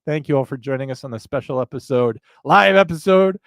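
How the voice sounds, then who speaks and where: A man's voice: medium pitch, fairly even intonation, fast, dark tone, dry recording. A man co-hosting a live podcast, rambling through jokes and profane asides. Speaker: podcast co-host.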